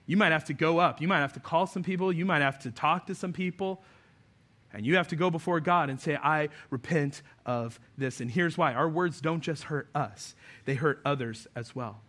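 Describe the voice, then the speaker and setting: A man's voice: a little high, fairly quick, fairly bright tone. A man preaching a sermon as a pastor, earnest and conversational, with self-deprecating asides.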